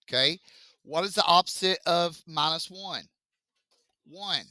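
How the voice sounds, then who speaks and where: A man's voice: a little high, measured pace, pushed and bright, dry recording. A man teaching a math class, joking and talking back to his students.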